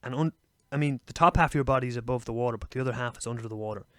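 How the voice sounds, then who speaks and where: Fast-talking Irish man telling wild stories. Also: medium pitch, no room sound, clean studio sound. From Ireland. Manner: animated storyteller, swears freely. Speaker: podcast co-host. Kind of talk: casual chat.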